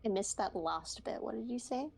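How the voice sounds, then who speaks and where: A woman's voice: fairly high pitch, normal speed, creaky, darkish tone, slight background noise. A woman playing a tabletop role-playing game, talking hesitantly with many fillers and giggles. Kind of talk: casual role-play chat.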